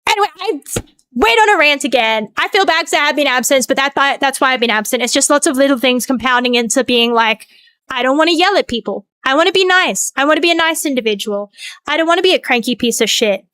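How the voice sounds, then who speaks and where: A high-pitched woman streamer talks casually at the end of a stream. She rambles and vents with frequent swearing, and thanks her viewers. The sound is dry, with no room echo. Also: lively intonation, fast talker, a bit bright. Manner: rambling, venting, swears freely.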